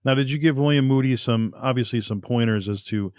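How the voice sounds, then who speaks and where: A man hosting a podcast, asking brief, relaxed questions and giving short acknowledgments. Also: medium pitch, fairly quick, no room sound, studio quality. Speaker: podcast host. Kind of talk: casual podcast interview.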